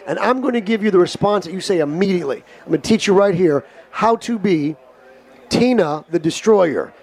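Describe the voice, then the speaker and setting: A man's voice: high-pitched, a little mellow. A man hosting a casual comedy chat show, brash and joking as he acts out scenarios. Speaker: host.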